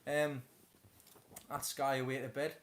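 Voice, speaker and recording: A man's voice: medium pitch, little pitch movement, normal speed, a little hiss or hum. A man hosting a casual live chat from home, rambling with many stammered restarts. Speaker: host of a live stream.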